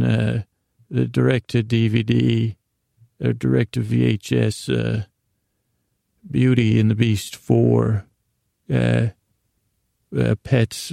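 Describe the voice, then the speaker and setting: A man's voice: mid-range voice, warm tone, dry recording, studio quality. A man rambling through a casual recap of a show he watched, often correcting himself and reading from his notes. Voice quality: gravelly. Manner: meandering, self-correcting, reads his notes aloud. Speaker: podcast host recapping a show.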